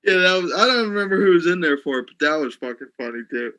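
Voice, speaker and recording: A man's voice: high-pitched, lively intonation, fast talker, bright, forceful tone. A man chatting casually on a podcast, laughing as he tells old gaming stories and swearing freely. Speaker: podcast co-host. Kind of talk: casual chat.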